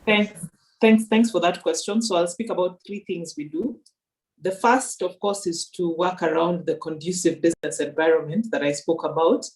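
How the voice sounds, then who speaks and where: A woman's voice: fairly low pitch, steady tone, moderate pace. A woman from Kenya, a livestream guest, answering a question in a structured, composed way.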